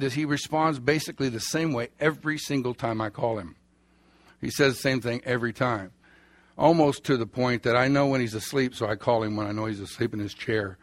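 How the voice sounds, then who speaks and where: A man's voice: mid-range voice, a bit bright, dry recording. Man preaching, folksy storytelling, middle-aged, dry close sound. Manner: folksy, anecdotal, chuckles through stories. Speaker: pastor. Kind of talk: sermon.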